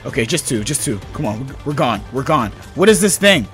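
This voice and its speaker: A young man doing casual gameplay commentary as a gaming YouTuber, excitable and slangy, yelping and shouting at the game. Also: mid-range voice, fairly quick, soft background music.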